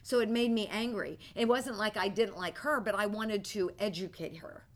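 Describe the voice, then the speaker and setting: A woman teaching a ministry class, telling stories in an animated way and often breaking into laughter. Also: medium pitch, moderate pace. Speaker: church teacher.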